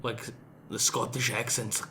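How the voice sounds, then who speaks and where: A young man co-hosting a podcast, chatting casually, animated and swearing freely. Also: medium pitch, a little slow, crowd noise. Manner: animated, swearing, laughs easily. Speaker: podcast co-host. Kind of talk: casual chat.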